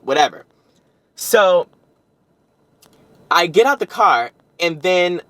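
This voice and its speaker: A young man telling a story on his vlog, rambling and animated, with frequent restarts and self-corrections. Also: a little high, no echo. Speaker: vlogger.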